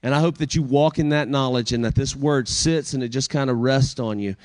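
A man's voice: mid-range voice, a little fast. A man guest preacher finishing a sermon at a church service, earnest and asking pointed rhetorical questions.

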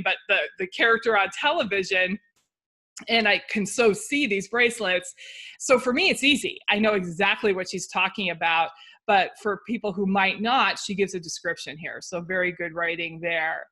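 A woman working as a writing coach, reading an entry aloud and critiquing it, thinking aloud with fillers and restarts in an encouraging way. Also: mid-range voice. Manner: warm and encouraging.

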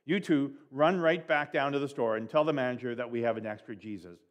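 A man's voice: medium pitch, brisk, close to an everyday voice. A man doing a firm, kindly mother.

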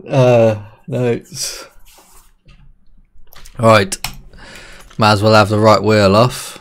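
A man's voice: fairly low pitch, very slow, pauses often. A man, a streamer giving loose live gameplay commentary, swearing often and chatting with his viewers. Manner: excitable, swears a lot, chats with viewers.

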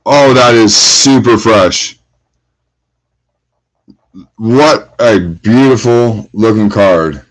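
Slow, low-voiced man calling card pulls. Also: poor audio. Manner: hyped, calls out each card pulled. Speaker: card break host. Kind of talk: live card-breaking commentary.

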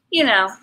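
A woman's voice: pushed and bright, a little hiss or hum, poor audio. A middle-aged woman chatting casually while she paints, answering viewer comments in a rambling way with many ums and restarts. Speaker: artist hosting a live painting stream.

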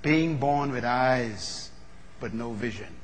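A man's voice: animated, a little hiss or hum. Man preaching in a large hall. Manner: builds from low, measured talk to loud, fervent preaching. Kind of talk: sermon. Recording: long reverb of a large hall.

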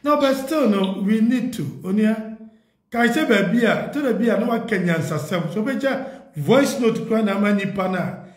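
A man's voice: high-pitched, lively intonation, moderate pace. A man with a Ghanaian accent making an earnest, pleading appeal to party leaders, mixing in English. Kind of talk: impassioned appeal, Twi mixed with English. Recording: echoey room.

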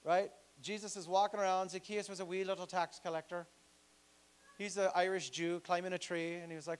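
A male pastor preaching a sermon in a church, animated and joking, acting out the voices he quotes. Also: high voice, a little fast, clean tone.

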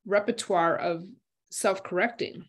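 A brisk woman co-presenting on a video call, her voice at a middle pitch. She keeps things moving, affirming points and setting up questions. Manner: brisk and affirming, quick agreements. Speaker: webinar co-presenter. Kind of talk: casual webinar conversation.

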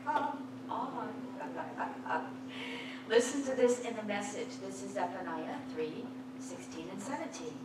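A woman preaching a sermon in a church, exuberant and often laughing as she rises toward a near-shout. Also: medium pitch, slow pace. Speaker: guest preacher. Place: church sanctuary. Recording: echoey church hall, distant mic, background noise.

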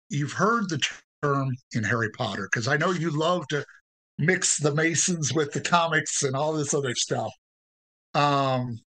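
Bright, husky-voiced man telling stories. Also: mid-range voice, rough recording. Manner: earnest, halting with restarts. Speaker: podcast guest. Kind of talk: conversational interview storytelling.

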